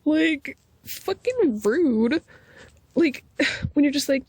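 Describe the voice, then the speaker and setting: Profane, animated woman vlogger. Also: high-pitched, slow, dry recording. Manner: profane, animated, laughing asides. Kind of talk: casual ranting monologue.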